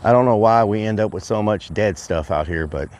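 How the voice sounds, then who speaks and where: A man livestreaming outdoors, chatting excitably to his viewers and calling them y'all. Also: on the low side, a little fast. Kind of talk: casual outdoor livestream chat. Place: outdoors at a rural property.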